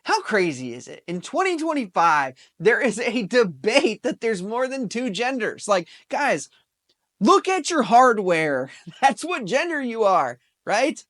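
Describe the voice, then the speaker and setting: A man in his thirties hosting a casual opinion talk show, excitable and upbeat, often laughing. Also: very high voice, a little slow. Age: 30s. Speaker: podcast host.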